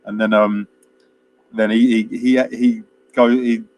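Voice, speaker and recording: A man's voice: on the low side, level tone, takes it slowly, darkish tone, slight background noise, rough recording. A man co-hosting a film chat, casually retelling a plot in a rambling way with lots of fillers and chuckles. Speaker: film podcast co-host.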